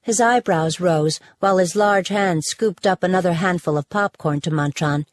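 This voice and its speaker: Audiobook narrator: woman, lowish voice, measured and even, dry close-mic studio sound. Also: dry recording.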